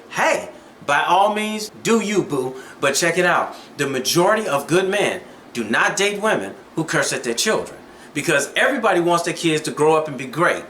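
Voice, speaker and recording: A man's voice: high voice, a bit bright, echoey room, slight background noise. A man telling dating advice stories in a casual vlog, preachy and conversational.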